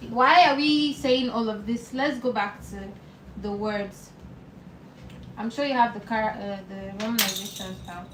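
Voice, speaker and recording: A woman teaching a live online beginner lesson, patient and repeating words slowly for learners. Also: a little high, echoey room, far from the mic, slight background noise, rough recording. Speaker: language teacher.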